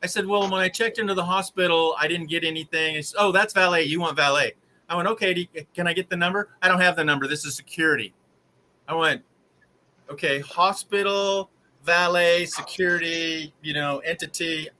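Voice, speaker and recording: A man hosting a live stream, telling a long rambling story in an exasperated, animated way. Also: a little high, fast talker, slight background noise, poor audio. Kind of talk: casual storytelling to live viewers.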